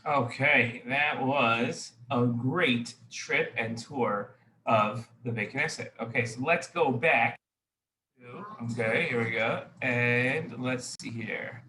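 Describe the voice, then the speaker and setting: Bright, echoey man hosting for kids. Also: medium pitch. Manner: slow, repetitive, addresses kids directly. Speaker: children's show host. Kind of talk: hosting a children's show.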